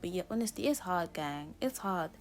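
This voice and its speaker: A woman's voice: on the low side, lively intonation, normal speed, faint music behind. A young woman from Zimbabwe, talking casually and openly as a vlogger, with many "like"s, and addressing her viewers as guys. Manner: casual, fills speech with "like" and talks straight to "guys". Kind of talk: candid personal storytelling. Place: at home, doing her makeup.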